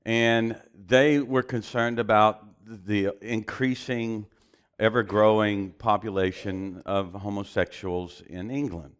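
A preacher telling a story in a sermon, animated and often chuckling as he goes. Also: on the low side, slow, smooth.

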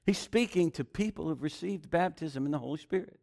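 A man's voice: fairly high pitch, brisk, vocal fry, darkish tone. A man preaching a sermon with emphasis, mixing scripture with personal testimony and rhetorical questions.

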